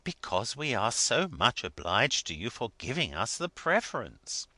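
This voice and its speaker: An obliging clergyman, anxious and a little perplexed, talking earnestly in a lively, bright voice, as a male reader plays him. The recording is dry and close. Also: mid-range voice, unhurried, dry recording, full character voice. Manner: earnest, hesitant. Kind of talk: audiobook character reading.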